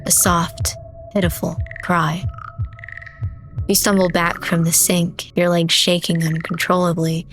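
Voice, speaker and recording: Woman reading horror narration, low and flat. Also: faint music behind, rough recording. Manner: slow, dramatic reading. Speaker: streamer. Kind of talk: reading a horror visual novel aloud.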